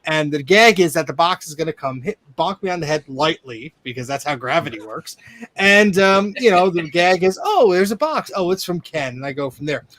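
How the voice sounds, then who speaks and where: A man co-hosting a casual online show, telling a funny story with animated bursts and acted-out exclamations. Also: fairly high pitch, normal speed. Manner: animated storyteller, acts out voices in anecdotes. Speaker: podcast co-host. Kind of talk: casual chat.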